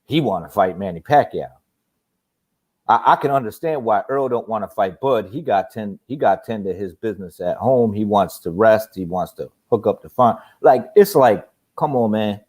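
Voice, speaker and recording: A man hosting a casual boxing talk show, animated and profane, laughing often as he rants. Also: fairly low pitch, normal speed. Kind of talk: casual chat.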